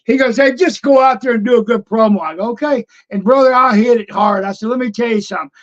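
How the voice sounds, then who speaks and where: Talking fast in an extremely high-pitched voice, an older retired pro wrestler recounts road stories as a guest in a casual interview. He's an animated storyteller who acts out past conversations, and the stream audio sounds dull and lo-fi.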